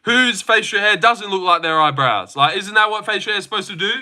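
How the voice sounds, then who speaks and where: A man's voice: high-pitched, expressive, brisk, bright, forceful tone. A young man hosting a casual live stream from his phone, joking, swearing now and then and answering chat comments.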